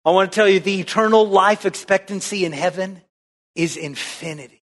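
A man with a high voice preaches a sermon in a church. He talks with energy and keeps asking the congregation questions. His delivery swings between playful asides and earnest points. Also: brisk. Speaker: pastor.

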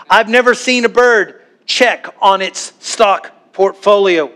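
A man preaching a sermon to a church congregation, animated, now and then acting out worried voices. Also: sits high, a little slow, few pauses, clear, resonant tone. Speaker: pastor.

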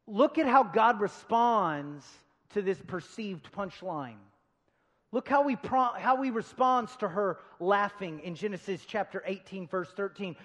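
A man's voice: sits high, expressive, measured pace. Preaching man in a reverberant hall. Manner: dynamic preaching, swinging between loud emphasis and quiet asides; humorous storytelling asides. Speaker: pastor. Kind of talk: sermon. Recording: long reverb of a large hall.

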